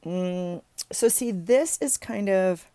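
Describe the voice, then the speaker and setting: In a warm, mid-range voice on a dry recording, a woman vlogger takes her time talking. She rambles casually while sorting journaling supplies at her desk, chatty and quick to correct herself.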